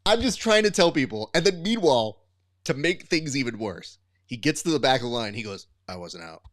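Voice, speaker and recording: A man's voice: on the high side, very animated, brisk, a bit bright, no room sound, studio quality. A man co-hosting a grappling podcast as a coach, telling stories expressively with comic exasperation. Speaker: podcast co-host and jiu-jitsu coach. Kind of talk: animated storytelling chat.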